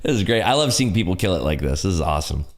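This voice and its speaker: Excitable male livestream host with an animated voice that swings up and down, laughs a lot, hypes up viewers' wins. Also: low voice, very fast. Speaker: day trading livestream host. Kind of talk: casual live market commentary.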